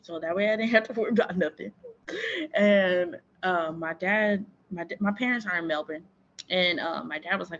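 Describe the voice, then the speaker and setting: A woman's voice: lowish voice, fairly even intonation, normal speed, a bit bright, lo-fi sound, a little hiss or hum. A young woman from Florida, a sports team owner, candidly and emotionally telling her personal story as an interview guest. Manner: earnest, emotional, reflective.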